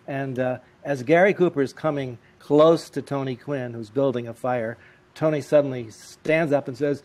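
A man telling lively, comic anecdotes as an interview guest. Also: medium pitch, normal speed. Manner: lively, animated, comic timing. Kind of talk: anecdotal storytelling.

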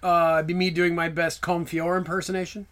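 A man's voice: on the high side, flat delivery, brisk, a bit bright. A man co-hosting a podcast in casual chat, joking crudely and laughing often. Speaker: podcast co-host.

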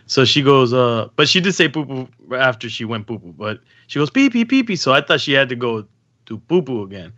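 A man's voice: medium pitch, sharp tone, lo-fi sound. A young adult man hosting a podcast, telling stories in casual chat with lots of restarts and slang. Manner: rambling storytelling with many restarts and slang. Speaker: podcast host.

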